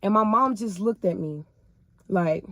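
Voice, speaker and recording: A woman's voice: medium pitch, a little slow, a bit bright, no room sound, clean studio sound. Emotional woman telling her faith story. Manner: emotional, colloquial, addresses viewers as y'all. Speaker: person sharing her faith testimony. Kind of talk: casual personal storytelling.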